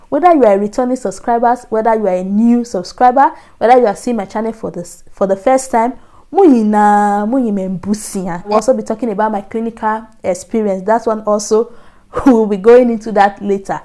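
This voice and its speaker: A woman's voice: on the high side, warm tone. A young woman telling a personal story to camera in a chatty, repetitive way. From Nigeria. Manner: chatty, repetitive, laughing asides. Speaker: vlogger.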